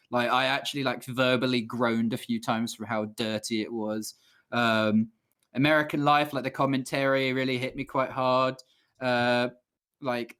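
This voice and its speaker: A man's voice: mid-range voice, a bit bright. Rambling, laughing young man. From England. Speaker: band member podcast host. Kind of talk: casual chat.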